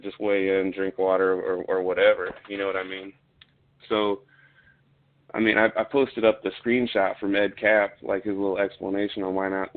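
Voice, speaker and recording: A man telling a story in a casual, blunt way, swearing often and getting heated. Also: on the low side. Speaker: podcast guest, fighter. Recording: tinny phone-like line.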